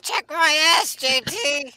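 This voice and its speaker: Cheeky Southern ventriloquist puppet: high and bright, sassy backtalk. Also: male voice, expressive, dry recording, exaggerated voice. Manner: cheeky, quick comebacks. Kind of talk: ventriloquist comedy bit.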